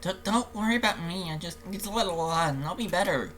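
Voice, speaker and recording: A man's voice: high-pitched, quick pace, fairly bright tone, slight background noise, voice pushed up, poor audio. A man voicing a timid depressed schoolgirl. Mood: hesitant. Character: timid depressed teenage girl. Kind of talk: reading a visual novel aloud.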